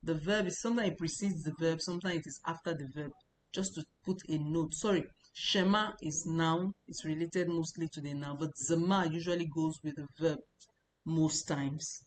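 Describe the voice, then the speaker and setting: A woman's voice: low voice, steady tone, normal speed, slight background noise. A woman teaching a language lesson, explaining patiently and repeating points with casual fillers.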